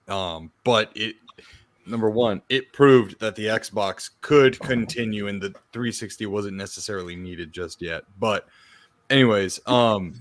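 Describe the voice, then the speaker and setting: A man on a podcast, talking in a relaxed, casual way and getting excited as he recalls playing games. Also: on the low side, dry recording. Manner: laid-back, swears, excited retelling. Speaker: podcast co-host. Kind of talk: casual chat.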